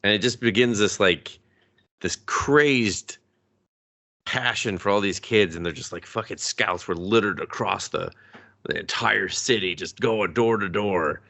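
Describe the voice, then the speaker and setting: A man's voice: lowish voice, a little slow, vocal fry. A man co-hosting a movie review podcast, casually retelling scenes and acting out lines with swearing and laughter. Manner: animated retelling with voiced quotes, swearing, laughing. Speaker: podcast co-host.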